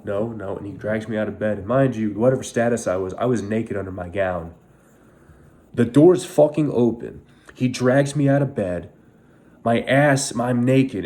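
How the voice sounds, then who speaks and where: A man's voice: mid-range voice, darkish tone. A young man, a veteran, telling his own story on camera in an angry, bitter, heavily profane way. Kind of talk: emotional first-person storytelling.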